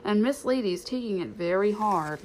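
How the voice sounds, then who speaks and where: A woman reading aloud, voicing a kindly old male hound dog who speaks softly. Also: mid-range voice, animated, moderate pace, a little hiss or hum, lightly acted, low-quality recording. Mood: sympathetic.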